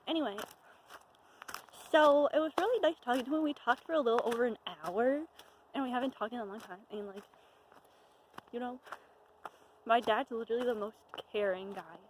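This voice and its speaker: A woman's voice: fairly high pitch, moderate pace, long pauses, a little hiss or hum, poor audio. Breathless, jumpy young woman vlogging. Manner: jumpy and nervous, giggling, trailing off. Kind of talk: casual chat to camera while walking. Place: outdoors on a wooded trail.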